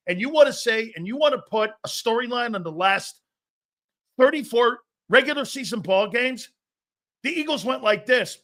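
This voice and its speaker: A man's voice: high voice, very animated, brisk, a bit bright. A man ranting in a heated, profane sports commentary, emphatic and fired up.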